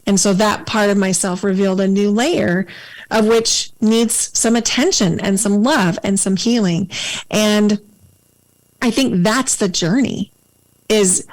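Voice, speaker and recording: A woman hosting a podcast interview, speaking in a calm, measured and reflective way. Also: medium pitch, low-quality recording. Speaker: podcast host. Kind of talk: casual conversational interview.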